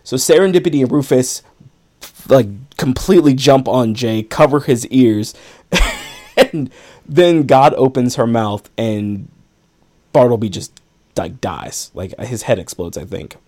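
A man's voice: mid-range voice, unhurried, a little mellow. Chatty man recapping a film. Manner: rambling, laughs often, filler "like". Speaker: podcast host. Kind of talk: casual chat, recapping a film.

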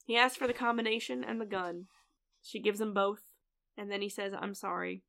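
A woman's voice: medium pitch, steady tone, fairly quick, vocal fry, fairly bright tone. A woman co-hosting a casual TV recap podcast, swearing freely and laughing often. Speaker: podcast co-host.

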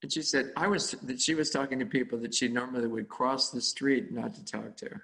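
A man telling a casual story about volunteer cooking, halting and full of fillers and self-corrections. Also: medium pitch, fairly even intonation, vocal fry, a bit bright, rough recording. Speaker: volunteer cook.

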